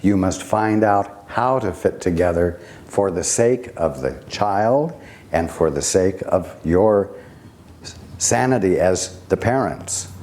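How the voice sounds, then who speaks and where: A man giving a spiritual teaching talk, speaking deliberately with long pauses and rhetorical questions. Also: low voice, darkish tone, a little hiss or hum.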